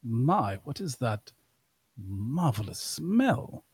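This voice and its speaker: A man voicing a polite, fussy gentleman with old-fashioned phrasing in a tabletop game. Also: mid-range voice, very animated, very slow, slightly rough, full character voice.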